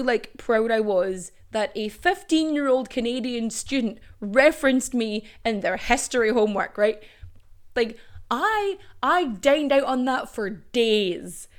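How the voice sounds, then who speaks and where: A young woman hosting a history podcast in casual, animated chat, swearing freely. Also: on the high side. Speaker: podcast host.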